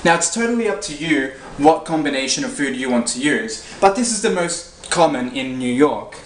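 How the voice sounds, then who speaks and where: A man presenting a cooking demonstration segment, talking the viewer through each step in a steady, instructional way. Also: fairly high pitch, moderate pace. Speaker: cooking correspondent. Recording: echoey room with faint noise.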